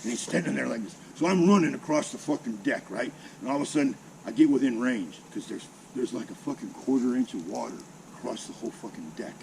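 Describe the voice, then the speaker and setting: A man's voice: medium pitch, quick pace, creaky, hardly any pauses, a little hiss or hum, rough recording. A man in his sixties telling a salty personal story in a casual, heavily profane way. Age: 60s. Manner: heavily profane, salty, animated with mimicked sounds.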